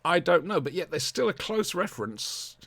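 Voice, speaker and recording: A man hosts a casual podcast chat, his pitch swinging widely as he talks. He is jokey and rambling, cracking asides between points. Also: sing-song, moderate pace, vocal fry, fairly bright tone. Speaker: podcast host.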